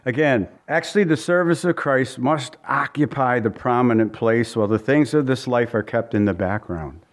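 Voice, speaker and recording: A man preaching a sermon as pastor, earnest and conversational, repeating phrases for emphasis and adding casual asides. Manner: reads scripture in a slower, lower voice.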